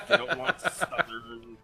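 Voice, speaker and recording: A man's voice: medium pitch, slow pace, music in the background. A man co-hosting a casual podcast chat, crude and joking, swearing a lot. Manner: crude, profane, animated joking. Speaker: podcast co-host.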